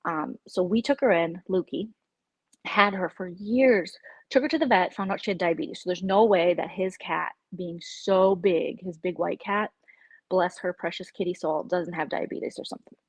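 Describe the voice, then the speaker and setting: A woman vlogger chatting casually with viewers on a livestream, opinionated and lively when she quotes people. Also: on the low side, moderate pace, slightly rough, no echo. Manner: chatty, opinionated, animated quoting. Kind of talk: casual live chat with viewers.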